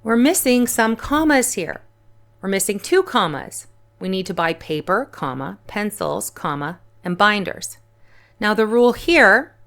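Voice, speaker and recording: On her own channel, an English teacher with a medium-pitched, fairly bright voice gives an online grammar lesson. She covers English punctuation, explaining everything clearly and patiently.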